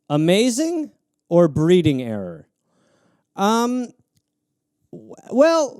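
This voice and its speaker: A man's voice: high voice, normal speed, smooth, no echo, clean studio sound. A male comedian hosting a live show, riffing crudely on prompts and jumping into character voices. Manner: animated, crude, jumps into voices.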